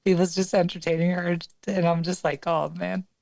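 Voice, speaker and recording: A woman speaks in a very low, mellow voice that sounds close and dry. She gives blunt opinions and swears freely. It is casual podcast banter. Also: little pitch movement, brisk, no room sound.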